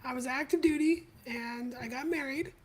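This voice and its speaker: A woman hosting a podcast live stream, telling her own story in a candid, confessional way with halting pauses. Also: high voice, slight background noise, poor audio. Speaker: podcast host.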